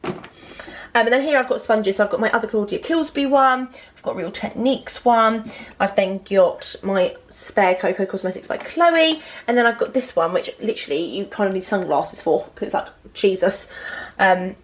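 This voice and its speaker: A young woman, chatting excitedly through her makeup collection with lots of fillers and asides. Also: medium pitch, moderate pace, slight background noise. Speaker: beauty vlogger. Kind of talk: casual makeup collection vlog.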